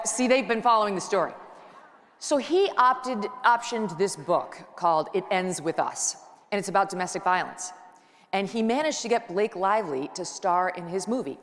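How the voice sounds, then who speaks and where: A middle-aged woman giving a joking, chatty speech from a conference stage, telling stories to the crowd. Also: on the low side. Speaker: conference speaker, talk show host. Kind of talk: lively stand-up style speech. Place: large conference hall. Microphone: handheld mic on stage. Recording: long hall reverb.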